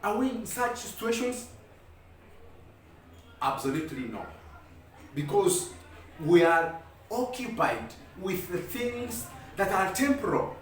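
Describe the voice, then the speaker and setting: Male evangelist, high voice, preaching style with measured scripture reading; distant mic, heavy room echo. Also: big pitch swings. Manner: preaching with rising emphasis, reading scripture aloud slowly. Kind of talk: sermon. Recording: very echoey room, heard from a distance.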